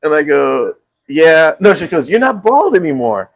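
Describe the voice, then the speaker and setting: A man's voice: fairly high pitch, gravelly, no echo. A man hosting a casual morning show from a taco restaurant, telling stories and laughing often. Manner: animated, laughs often, quick storytelling. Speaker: host.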